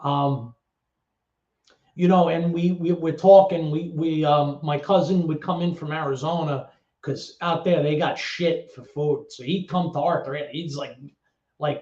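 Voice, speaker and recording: A middle-aged man tells a candid story as an interview guest, blunt and swearing, with halting repetitions. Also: a little high, warm tone. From New York. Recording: roomy, dull lo-fi sound.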